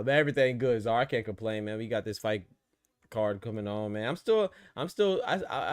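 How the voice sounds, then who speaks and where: Male boxing-show host, low voice, dry close sound, casual and rambling with fillers. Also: no room sound. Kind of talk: live boxing commentary chat.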